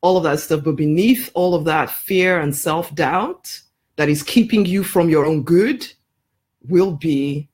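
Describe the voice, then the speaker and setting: In a promotional live video, a woman life coach speaks emphatically to camera, repeating her points, calling the listener honey, and laughing often between phrases. Her voice is low-pitched, a little slow, and darkish, with a breathy edge.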